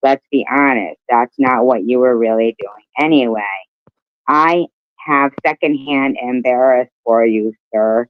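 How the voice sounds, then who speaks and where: A livestream co-host reads viewer chat comments aloud, mocking them as he goes. His voice is medium-pitched, unhurried, clear, and resonant, with no echo. The stream audio is slightly muffled.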